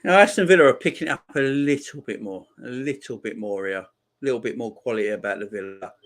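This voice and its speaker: A man hosting a live football watchalong, giving casual commentary and chatting back to viewer comments. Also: quick pace. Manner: reacts loudly to chances on the pitch. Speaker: watchalong host.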